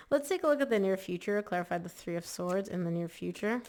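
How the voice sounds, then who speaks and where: A woman's voice: medium pitch, lively intonation, normal speed, darkish tone, slight background noise. A woman giving a casual, chatty tarot reading to camera, emphatic and full of "like" fillers. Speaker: tarot reader.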